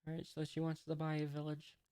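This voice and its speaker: A woman's voice: low-pitched, completely flat delivery, fast talker, warm tone, dry recording, clean studio sound. A woman reading a comic aloud and commenting on it casually, hesitant and thinking aloud with many fillers. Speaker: reader reacting to a comic. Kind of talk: casual read-along with commentary.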